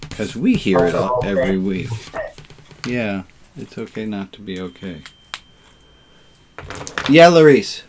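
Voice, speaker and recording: A man's voice: fairly low pitch, animated, unhurried, pauses often, a crowd in the background. A man leading an online service as rabbi, casual and playful, fond of puns, on a video call.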